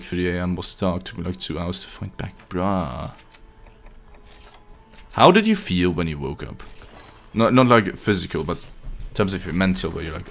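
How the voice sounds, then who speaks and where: Joking low-voiced young male streamer. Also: creaky, fairly bright tone. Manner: casual, joking, swears freely, laughs a lot. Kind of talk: live gameplay stream chatting with viewers.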